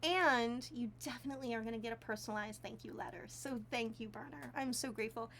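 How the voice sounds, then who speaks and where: Woman streamer, high voice, chatty and giggly, gushing thanks, small home room. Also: fast, gravelly, a bit bright, slight background noise. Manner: chatty, giggly and effusively grateful. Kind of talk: casual livestream chat while crafting. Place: tiny warm room at home.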